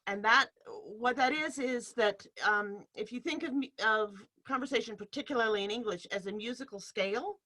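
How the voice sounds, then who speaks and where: Workshop leader, woman, bright voice, explains by demonstrating, laughs easily, heard over a video call. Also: a little high, normal speed, few pauses. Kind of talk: teaching a live online workshop. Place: home room in front of a bed sheet.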